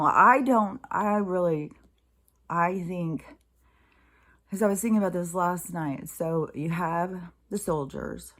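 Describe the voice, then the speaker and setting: A woman vlogger in a casual, blunt monologue to camera, swearing freely and mocking others by acting out their lines. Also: lowish voice.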